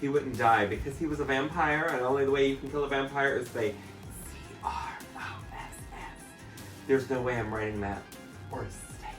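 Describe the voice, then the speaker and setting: A man's voice: medium pitch, normal speed, fairly bright tone. A man, a drag performer, giving a campy, comic dramatic reading of a fanfic and breaking into laughter. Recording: echoey room, mic at a distance, faint music.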